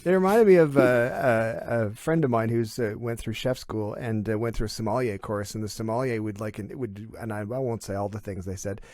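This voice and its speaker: A middle-aged man from Canada, a podcast guest telling animated, self-deprecating stories in casual chat. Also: fairly low pitch, a little fast, few pauses, no echo, studio quality.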